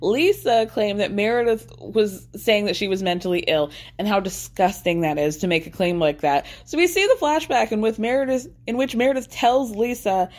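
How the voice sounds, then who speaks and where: A woman's voice: mid-range voice, expressive, moderate pace, few pauses, darkish tone. Woman host for a casual recap chat. Wry and talky, full of "like" and side comments. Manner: chatty and wry, lots of "like" and asides. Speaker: podcast host recapping a TV episode.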